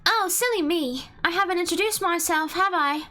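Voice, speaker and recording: A woman's voice: extremely high pitch, moderate pace, pushed and bright, voice pushed up. A woman reading game dialogue aloud, voicing a small, cheerful young girl inventor in a chirpy, prim and polite way.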